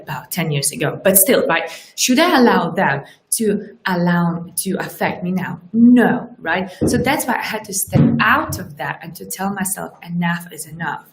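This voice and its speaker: A woman with a subtle Russian accent giving a motivational coaching talk, often tagging "right?" and answering her own questions. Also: medium pitch. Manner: keeps asking rhetorical "right?"; animated, asks questions and answers them herself. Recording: roomy echo.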